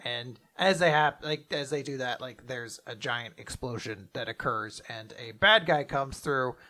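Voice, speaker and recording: A man co-hosting a casual manga discussion, retelling chapters loosely with profanity and quick character voices. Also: mid-range voice, bright, forceful tone. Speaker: podcast co-host. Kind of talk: casual manga recap chat.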